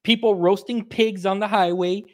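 A young man from the Miami area, a podcast guest telling stories in casual chat, animated and swearing freely as he acts out quotes. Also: high-pitched, moderate pace, no room sound, studio quality.

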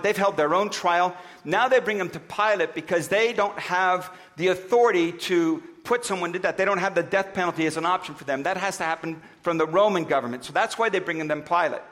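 A high-voiced man preaching in a conversational way. He reads scripture aloud and stumbles into the odd restart as he goes. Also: a bit bright. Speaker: pastor. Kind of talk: sermon with scripture reading.

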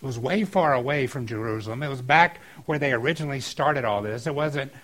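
A middle-aged man preaching a sermon as a pastor, talking in an earnest, conversational way that gets lively and loud at times. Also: medium pitch, fairly quick, low-quality recording.

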